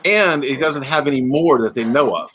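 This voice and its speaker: A man's voice: mid-range voice, moderate pace, a bit bright, slightly rough, lo-fi sound. A man hosting a livestream, rambling in casual chat and joking about himself. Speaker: livestream host.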